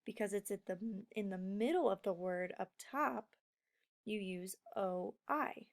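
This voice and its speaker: A woman teaching a recorded phonics lesson, explaining slowly and patiently to young students. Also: medium pitch, gravelly.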